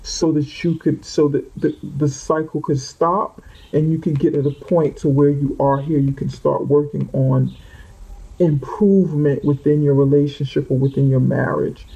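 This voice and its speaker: A man's voice: fairly high pitch, steady tone, normal speed, gravelly, dark tone, slightly rough. A man giving a rambling, unscripted tarot reading who often repeats and corrects himself. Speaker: tarot reader. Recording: muffled lo-fi audio.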